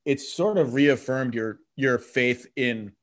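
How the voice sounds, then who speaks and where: A middle-aged man hosting a podcast, talking in a reflective, halting way with frequent restarts. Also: mid-range voice. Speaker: podcast host. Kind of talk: casual conversation.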